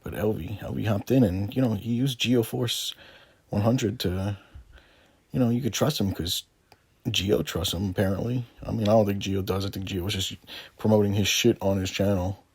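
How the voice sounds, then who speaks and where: Man, low husky voice, mocking call-out commentary, dry close sound. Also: steady tone, moderate pace, a little mellow, dry recording. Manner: sarcastic, taunting, swears often. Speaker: gaming video creator. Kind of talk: mocking call-out commentary over screen recording.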